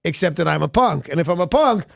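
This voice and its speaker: Male radio host, wry self-mocking storyteller, a bit high and gravelly, dry booth. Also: animated, fast, no echo. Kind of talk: casual morning radio chat.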